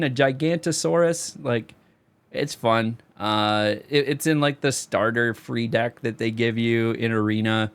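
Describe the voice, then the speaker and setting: A young man rambling casually through card reviews, his voice going hoarse and straining on high notes. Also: slow. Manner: loose, rambling, sings a repeated catchphrase. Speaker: card game video creator.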